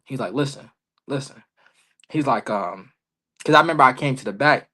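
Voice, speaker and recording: A young man talks through his wrestling stories on a remote podcast call, animated and full of street slang. His voice sits at an ordinary middle pitch for a man. He tells it loose and conversational, acting out the lines he quotes. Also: normal speed. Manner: animated, slangy, lots of "bro" and "you feel me". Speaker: wrestler guest. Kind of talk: casual interview storytelling.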